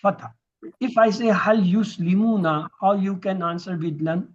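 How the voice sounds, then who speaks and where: A man's voice: sits high, fairly even intonation, moderate pace, a little hiss or hum. A man teaching Quranic Arabic grammar in a classroom lesson, drilling verb forms and quizzing his students. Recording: dull lo-fi recording.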